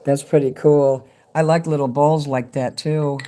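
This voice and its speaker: Here a man unboxes a fan's parcel at home and chats to his handheld camera in a loose, rambling way, swearing and finding joy easily. His dark voice sits a little high, with fairly even intonation and an unhurried pace.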